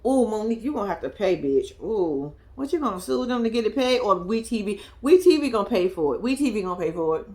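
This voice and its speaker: A young reality TV reaction vlogger recaps an episode in casual, profane commentary, laughing as she tells the story with animation. Her medium-pitched voice moves a little fast with hardly any pauses.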